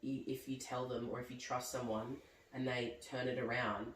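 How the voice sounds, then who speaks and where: A young man chats casually as a podcast guest, rambling and leaning heavily on "like." His mid-range, slightly bright voice has little pitch movement and normal speed, recorded on a distant mic with roomy echo and faint background noise.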